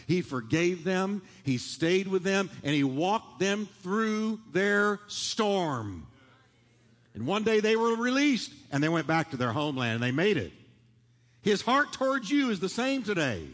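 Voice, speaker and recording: A man's voice: high-pitched, expressive, unhurried, a bit bright. A man preaching a sermon to a congregation in a church, leading them in call-and-response and building in fervor. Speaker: pastor. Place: large church sanctuary. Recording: long hall reverb.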